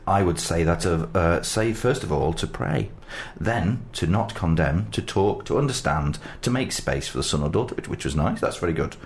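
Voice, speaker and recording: A man's voice: low voice, animated, normal speed, creaky, hardly any pauses, slight background noise. A man co-hosting a radio show, chatting casually and reading news aloud with joking asides. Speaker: radio co-host.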